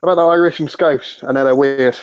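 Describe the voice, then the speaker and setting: A man co-hosting a podcast, calm and steering the chat along. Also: medium pitch, brisk, smooth, no echo, highs cut off. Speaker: podcast co-host. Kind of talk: casual chat.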